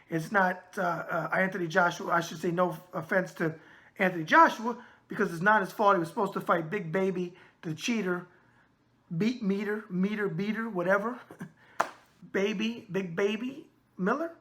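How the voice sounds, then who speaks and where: A man's voice: high-pitched, bright, forceful tone. A man in his sixties with a New York accent, hosting a casual boxing chat show, answering viewer emails with brash, streetwise catchphrases.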